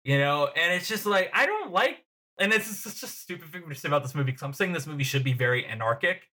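A man's voice: a little high, lively intonation, fast, bright, forceful tone. A man chatting casually about a film on a podcast, rambling and laughing often.

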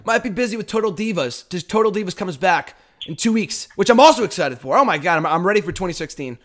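A man hosting a wrestling podcast, excitable and rambling, swearing casually as he chats. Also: high-pitched, fast talker. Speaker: podcast host.

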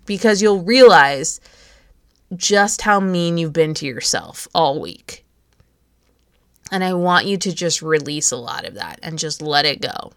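A woman in her thirties talks the listener through a self-help exercise, gentle and coaching. Her voice sits a little low, and the sound is close and dry with no room around it. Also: no room sound. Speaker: podcast host. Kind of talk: encouraging self-help talk.

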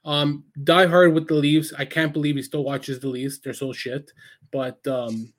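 Energetic, foul-mouthed man telling stories. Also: a little high, a little slow. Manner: energetic, swears freely, animated storyteller. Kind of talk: casual chat.

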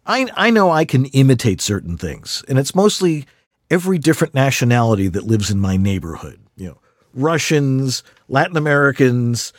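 A man's voice: medium pitch, moderate pace, dry recording, clean studio sound. A man hosting a casual interview, rambling and playful as he asks questions. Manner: rambling, animated, playful asides. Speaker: podcast host.

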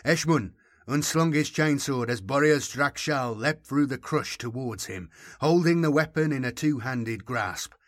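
Man, mid-pitched, narrating a dark story with grave, steady gravity; dry close-mic read. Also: a little slow, dry recording. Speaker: audiobook narrator. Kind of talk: scripted dramatic narration.

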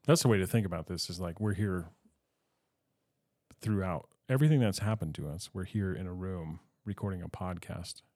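A man appearing as a podcast guest, upbeat and teasing, throwing in quick remarks. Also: deep voice, mellow. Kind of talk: casual podcast chat. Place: room recording a podcast.

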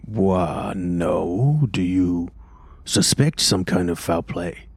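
A man narrating as game master of a tabletop game, relaxed and halting with fillers. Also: low-pitched, gravelly, breathy edge, dry recording.

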